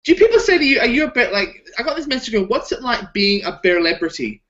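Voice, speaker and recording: A man's voice: very high voice, fast. A man from Australia, co-hosting a casual video chat, swearing as he tells stories. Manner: profane, animated storytelling. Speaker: channel co-host. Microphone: video call. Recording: choppy lo-fi internet call.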